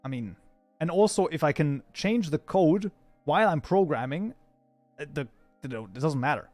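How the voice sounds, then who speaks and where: A man's voice: fairly high pitch, expressive, moderate pace, darkish tone, no room sound, soft background music. Chatty German-born male streamer. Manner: chatty, reacts to chat, mock outrage, frequent fillers. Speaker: streamer, mod programmer. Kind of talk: casual live-stream chat while coding.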